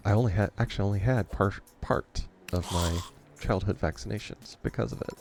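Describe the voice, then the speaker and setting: A man's voice: on the low side, brisk, vocal fry, background noise. A man hosting a gaming channel, rambling through a story in a casual way and chuckling often between remarks. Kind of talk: casual storytelling over gameplay.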